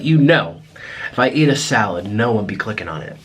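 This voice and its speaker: A man's voice: medium pitch, expressive, normal speed, a bit bright, breathy edge. A man chatting casually to camera as a mukbang vlogger while he eats. He rambles and admits he is talking in circles.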